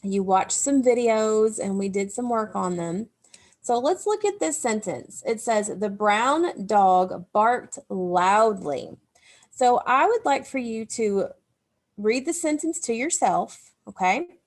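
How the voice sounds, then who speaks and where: A woman's voice: fairly high pitch, animated, unhurried, darkish tone. A woman teacher giving a recorded grammar lesson to young children, explaining step by step in a patient way. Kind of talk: recorded remote phonics lesson.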